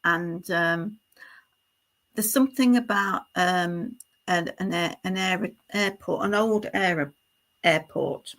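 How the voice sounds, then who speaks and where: Bright-voiced woman giving a halting psychic reading. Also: lowish voice. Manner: halting, stream-of-consciousness delivery with many fillers and restarts; addresses the sitter directly, checking in with tag questions. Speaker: psychic medium.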